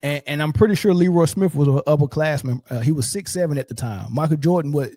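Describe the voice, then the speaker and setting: A man hosting a sports commentary show, ranting in a mocking, profane and animated way. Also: a little high, fast talker, no room sound.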